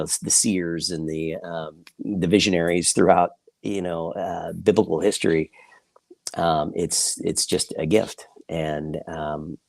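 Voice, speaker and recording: A man, an author and journalist, talking reflectively in an interview, pausing often with fillers. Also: sits low, creaky, no echo. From Kansas City, United States. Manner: reflective, halting with many fillers. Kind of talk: interview conversation.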